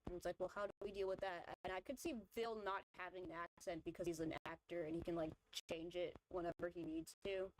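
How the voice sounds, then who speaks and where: Drawing on stream, this vtuber talks casually and rambles through her views, full of fillers and restarts. She speaks briskly with few pauses in a lowish, steady voice, with background noise in the audio.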